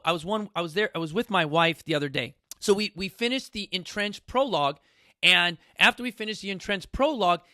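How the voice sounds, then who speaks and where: A man talks casually to a studio audience, full of energy and acting out bits of his stories. His voice sits high and sounds bright. The recording is dry and close. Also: no room sound. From New York City. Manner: animated, repeats "you guys", acts out quotes. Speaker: fitness coach hosting a talk.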